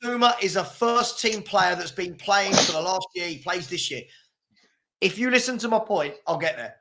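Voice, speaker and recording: Man, forceful, insistent, high-pitched voice, heated debate host. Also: animated, normal speed.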